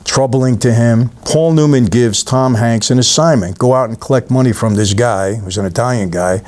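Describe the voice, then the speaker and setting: A man's voice: mid-range voice, normal speed, darkish tone. A middle-aged New York man talks straight to camera, walking his viewers through a film scene by scene. His delivery is easy and conversational, with a storyteller's habit of stopping to speak to the audience directly. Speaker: channel host reviewing a film. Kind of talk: casual talk-to-camera film recap.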